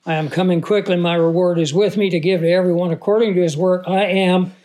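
A man preaching a Bible teaching sermon in a conversational way, asking the audience questions and reading scripture slowly with emphasis. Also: high voice, fairly even intonation, darkish tone. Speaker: pastor.

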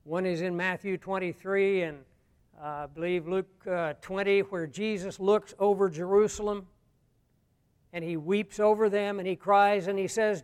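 A pastor preaching a sermon, dropping to a hush and then rising to loud emphatic lines. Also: male voice, high voice, steady tone, moderate pace, smooth. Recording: long hall reverb.

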